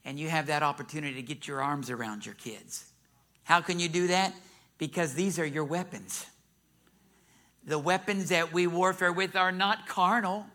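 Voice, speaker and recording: A middle-aged man preaching a sermon, emphatic, calling out for amens and shifting between loud declarations and soft asides. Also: on the high side, fairly even intonation, normal speed. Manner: emphatic preaching with rising calls for amen. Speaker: pastor.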